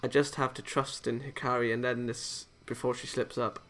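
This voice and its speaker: A man's voice: mid-range voice, little pitch movement, moderate pace, a bit bright, faint music behind. A young man reading a visual novel aloud as a let's-play host, casual, with jokey asides and small stumbles.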